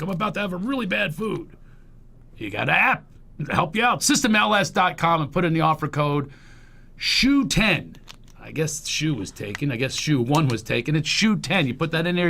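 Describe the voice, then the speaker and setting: Comedy talk host, male, gravelly voice, pitched a bit high, light hiss behind. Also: pushed and bright. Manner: joking, storytelling, quick asides. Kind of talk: casual comedic banter and ad read.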